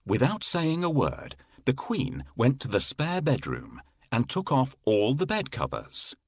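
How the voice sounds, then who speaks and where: A man with a husky voice narrating a children's fairy tale in an expressive, drawn-out storytelling style. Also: medium pitch, no echo.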